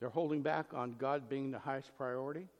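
A man's voice: medium pitch, steady tone, a little fast, highs cut off. A man preaching a sermon as pastor, emphatic, asking rhetorical questions and acting out the voices in the text. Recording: long reverb in a large hall.

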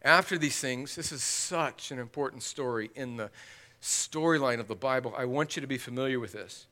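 Animated preacher man, bright voice. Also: mid-range voice, normal speed. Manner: animated, acts out Bible dialogue with dramatic voices. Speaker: pastor. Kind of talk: expository sermon.

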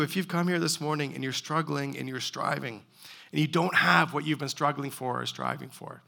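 Male pastor, fairly high voice with a gravelly edge, earnest preaching style. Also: bright, forceful tone. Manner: earnest, pleading preaching with repeated rhetorical questions. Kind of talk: sermon.

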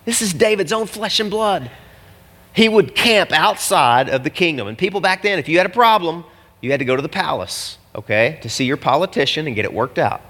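A pastor preaching in a church hall, his voice ringing with a long reverb. He talks in a casual, animated way and drops slangy asides to the congregation. His voice sits a little high for a man. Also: fairly quick. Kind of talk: sermon.

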